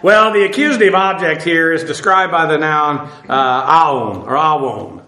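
A man's voice: a little high, fairly quick, bright, forceful tone, reverberant. A middle-aged man preaching, teaching verse by verse in a plain conversational way with many fillers and restarts. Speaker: pastor. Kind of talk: sermon.

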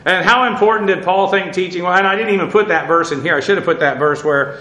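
A man's voice: high-pitched, quick pace, sharp tone, reverberant, low-quality recording. A man teaching an informal Bible class in a conversational way, with many fillers and dry asides.

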